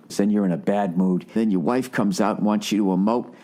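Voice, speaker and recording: A middle-aged man with a fairly low voice riffs through a solo podcast monologue. He swears constantly and jumps from tangent to tangent with a sarcastic comic edge. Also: fairly quick, dark tone. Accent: Boston. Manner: profane, rambling, sarcastic riffing with put-on quote voices. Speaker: podcast host. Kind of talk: casual comedic monologue.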